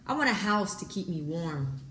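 A woman reading aloud as a selfish grown man, the boy from a storybook, with a flat, dismissive delivery. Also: lowish voice, moderate pace, a little hiss or hum. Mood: demanding. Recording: echoey room.

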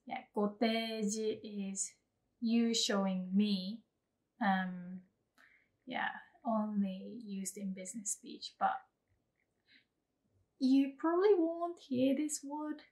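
Woman language tutor, relaxed and chatty, unhurried, slightly high voice, repeats example phrases carefully. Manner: chatty, laughs, many fillers like "um" and "you know"; says example phrases slowly and clearly, then repeats them. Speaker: language teacher. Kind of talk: casual spoken lesson.

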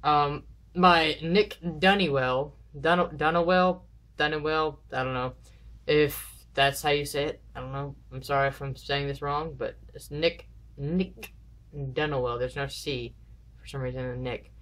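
Indoors at home, a vlogger doing viewer dares talks casually to the camera, rambling and nervously counting down before every dare. The medium-pitched voice is a bit bright, with fairly even intonation at a normal speed.

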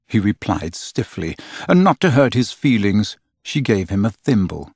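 A man reading a children's classic aloud as an audiobook narrator, with an expressive, wry storytelling manner and a husky voice. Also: fairly low pitch, normal speed, dry recording, clean studio sound.

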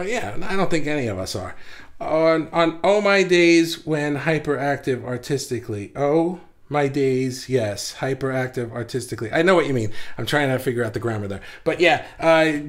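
A man hosting a casual livestream, talking fast and excitedly with lots of fillers and restarts, a bit out of breath. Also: medium pitch. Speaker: livestream host.

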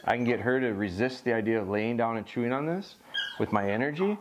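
A man's voice: mid-range voice, fast talker, background noise. A man who trains bird dogs, casually explaining what he is doing as he works a young dog outdoors. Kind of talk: casual training vlog commentary.

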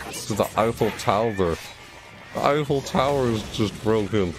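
A deep-voiced man streams a game, chattering casually to himself and yelping whenever things go wrong. Game music plays loudly under his voice. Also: moderate pace. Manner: excitable, yelps and self-talk. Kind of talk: casual gameplay commentary.

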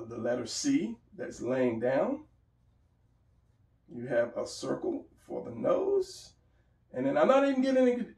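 A man's voice: medium pitch, gravelly, a little mellow. A man giving a casual drawing lesson, talking while he sketches, encouraging and repeating phrases, recorded by a camera some distance away. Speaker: art teacher. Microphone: camera mic at a distance. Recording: roomy, distant camera mic.

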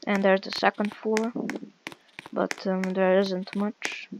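A woman's voice: medium pitch, little pitch movement, takes it slowly, background noise. A woman giving casual, hesitant gameplay commentary with many fillers while walking through a game. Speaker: game walkthrough creator.

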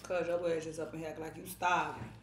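A woman's voice: deep voice, level tone, fast talker. Bossy, teasing woman eating on camera. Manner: bossy, teasing, scolds bluntly with cursing. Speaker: mukbang channel host. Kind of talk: casual chat while eating on camera. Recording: roomy echo, noticeable background noise.

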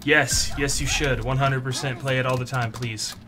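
A young man commentating his own competitive match, swinging between low muttering and frustrated yelling, his voice strained from shouting. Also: steady tone, moderate pace, crowd noise. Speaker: gaming YouTuber. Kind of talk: live gameplay commentary.

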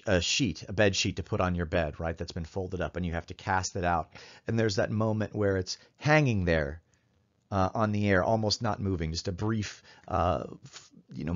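A man giving a lecture as a literature professor. He talks in a thoughtful, halting way, with many fillers and restarts, and reads lines of verse aloud in a measured way. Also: fairly low pitch, lo-fi sound.

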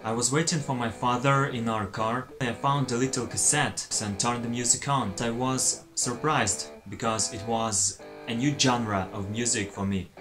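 A man's voice: mid-range voice, fairly even intonation, normal speed. Earnest man telling a memory over music. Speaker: fan interviewee. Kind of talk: recalling a memory in an interview.

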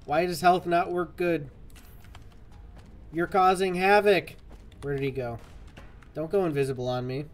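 A man's voice: a little high, measured pace, long pauses, soft background music. A man giving live commentary on a game he is playing, jokey and exasperated as he talks to the game. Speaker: streamer.

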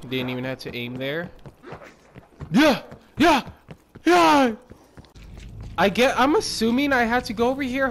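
A man's voice: on the high side, a little hiss or hum. A young man playing a scary zombie game, chatting nervously and breaking into shrieks and screams when startled. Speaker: gaming streamer. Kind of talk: frightened gameplay commentary. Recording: loud game sounds behind.

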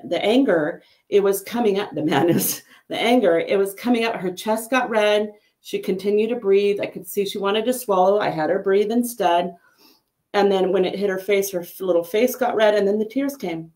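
A middle-aged woman, a psychic medium, chatting casually and telling a story in an animated, lively way. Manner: chatty storyteller, animated with pitch jumps on quoted lines. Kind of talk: casual chat.

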